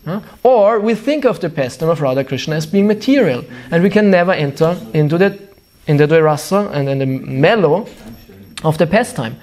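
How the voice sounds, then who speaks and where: A man with a German accent, a native German speaker, giving an animated devotional sermon and sometimes searching for words. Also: fairly high pitch, normal speed. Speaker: spiritual teacher.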